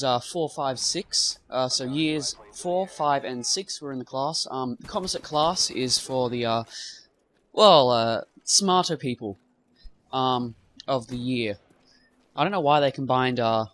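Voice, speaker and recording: A man's voice: mid-range voice, a bit bright, a little hiss or hum. A young man telling a rambling school story while commentating on gameplay, full of fillers and asides. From half British. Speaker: gaming commentator. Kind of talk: casual storytelling over gameplay.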